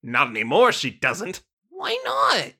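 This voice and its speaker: A woman voicing a gruff, suspicious Western saloon-owner pony with a folksy drawl, reading a storybook aloud. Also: on the low side, huge pitch swings, takes it slowly, pushed and bright, exaggerated voice.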